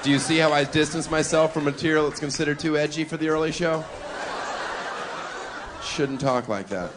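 This comedian has a fairly high voice and talks at a normal speed, mocking and brash as he works a live club audience. Laughter and crowd noise come through in the recording from the stage.

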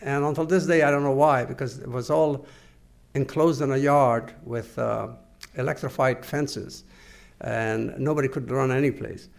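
An older man giving oral history testimony to an interviewer, halting and earnest, with many pauses and restarts. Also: mid-range voice, fairly even intonation, vocal fry. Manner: measured, earnest recounting.

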